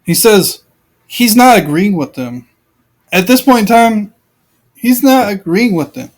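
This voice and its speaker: A man's voice: sits high, lively intonation, measured pace, low-quality recording. A man giving informal, rambling commentary on scripture, repeating himself and piling up rhetorical questions. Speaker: Bible commentator.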